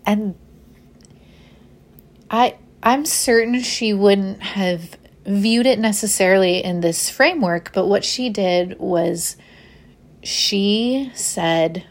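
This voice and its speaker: Young adult woman, casual podcast host, animated storyteller with frequent laughs. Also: mid-range voice, slow.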